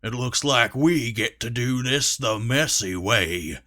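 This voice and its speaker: A man's voice: medium pitch, animated, slow pace, bright, forceful tone. A man voicing a hostile, scheming male dwarf with a blunt, sneering delivery for an audiobook. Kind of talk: audiobook character voice.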